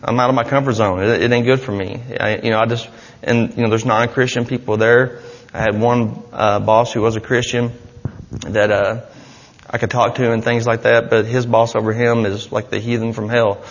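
An earnest man speaks to a church gathering, rambling through his testimony with frequent restarts. His middle-pitched voice rings out in a long-echoing hall. The recording sounds dull and muffled. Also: level tone, moderate pace. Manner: earnest, rambling, with many restarts and "you know". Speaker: church member giving a testimony. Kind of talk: personal testimony to a congregation.

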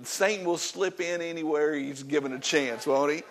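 A man preaches to his congregation in a fairly high voice. He is emphatic and folksy. His delivery swings between loud, driving points and quiet, stern asides. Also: normal speed, slight background noise. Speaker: pastor. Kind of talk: sermon. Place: church.

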